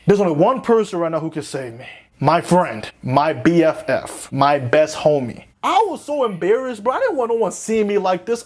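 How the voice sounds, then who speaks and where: A young man telling a comic story in an animated way, swinging between loud panic and low mutters. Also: moderate pace. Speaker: comedic storyteller. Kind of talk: comedic skit narration.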